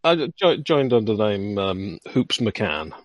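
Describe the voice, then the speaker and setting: Lively playful player. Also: male voice, fairly low pitch, unhurried, dry recording. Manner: playful, mock-posh, jokey. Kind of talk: playing a tabletop role-playing game in character.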